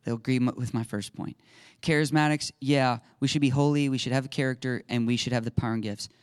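A man preaching a lively sermon as a pastor, acting out little scenes and laughing now and then. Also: mid-range voice, quick pace, clear, resonant tone, no echo, clean studio sound. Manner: animated, acts out little voices and laughs often.

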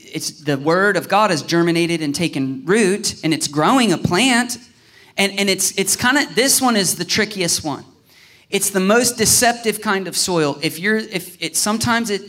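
A male pastor with a faint Southern Ohio accent delivers a sermon in a relaxed, talky way. His voice sits high for a man, and he slips into quick acted-out exchanges to make his points. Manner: animated, acts out little dialogues in voices; casual, conversational preaching with restarts.

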